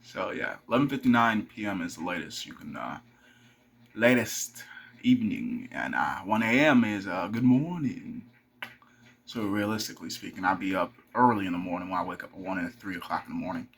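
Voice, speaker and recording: A man's voice: low-pitched, animated, brisk, gravelly, a bit bright, husky. A young man rambling casually to camera, swearing freely and talking to his dog between thoughts. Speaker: vlogger.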